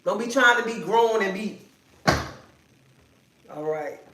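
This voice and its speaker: A woman's voice: mid-range voice, slow pace, fairly bright tone, a little hiss or hum. Sassy woman chatting on a livestream. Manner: sassy, chatty, scolding viewers playfully. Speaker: livestream host. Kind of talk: casual livestream chat with viewers. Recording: roomy echo.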